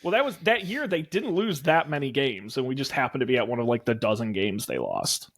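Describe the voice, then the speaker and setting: A man's voice: medium pitch, big pitch swings, a little fast, fairly bright tone. A man hosting a casual podcast over a video call, rambling through plugs with plenty of fillers. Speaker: podcast host. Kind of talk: casual chat.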